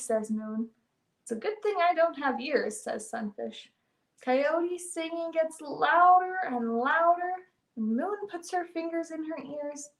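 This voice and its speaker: A woman reading a picture book aloud as a storyteller, with gentle, deliberate delivery. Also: sits high. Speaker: librarian storyteller. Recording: roomy echo.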